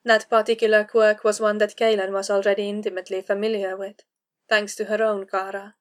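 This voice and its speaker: A woman reading a fantasy novel aloud as narrator, in a measured, even storytelling manner. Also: mid-range voice. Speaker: audiobook narrator. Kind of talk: scripted narration.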